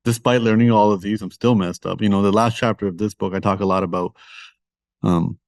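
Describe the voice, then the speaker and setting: A man with a Toronto accent speaks as a guest author in a laid-back podcast interview. He is open and self-deprecating, and his fairly deep voice comes across dry and close, with no room sound. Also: fairly even intonation, fairly quick, a little mellow, no room sound. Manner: candid, self-deprecating, conversational.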